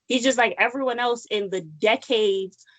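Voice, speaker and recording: A woman's voice: on the high side, normal speed, no room sound, poor audio. A woman co-hosting a casual podcast, talking loosely with many fillers and blunt swearing.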